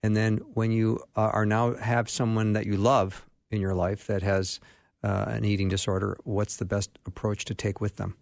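Low-voiced male radio host. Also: level tone, normal speed, vocal fry, a little mellow, no room sound, clean studio sound. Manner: friendly, curious questioning with fillers. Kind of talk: radio interview.

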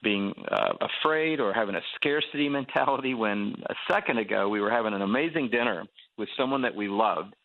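A man with a fairly low voice tells a story in the rhythm of a preacher. He acts out the quotes and laughs at himself now and then. His voice comes over a narrow, tinny phone line. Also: a little fast, slight background noise. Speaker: pastor and guest.

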